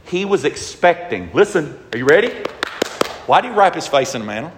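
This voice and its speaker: A man preaching a sermon with emphasis, swinging from shouts to very quiet passages. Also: very animated, fairly quick, distant mic, noisy background. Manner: emphatic, rising to shouts then dropping very low. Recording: echoey hall with long reverb.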